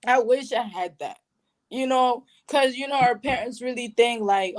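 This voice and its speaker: A woman from Burundi telling her personal story in an interview, emotional and animated, with casual slang. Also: a little high, unhurried. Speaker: guest sharing personal story.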